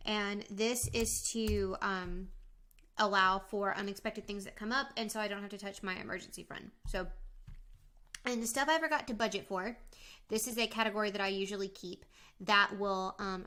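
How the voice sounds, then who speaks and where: A young adult woman casually walking through her budget, talking in a relaxed way with frequent fillers and restarts while snacking. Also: mid-range voice, normal speed. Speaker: vlogger.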